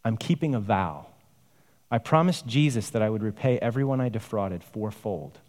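A man's voice: on the low side, lively intonation, moderate pace, darkish tone, long reverb tail, close to an everyday voice. A man in a sermon voicing a repentant former swindler who earnestly confesses and explains himself. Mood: eager. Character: humble repentant man, former tax cheat.

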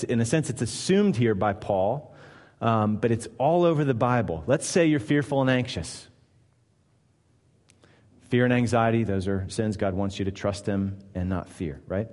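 A man's voice: medium pitch, darkish tone, long reverb tail. A man preaching a sermon in an emphatic style, often asking the listeners rhetorical questions.

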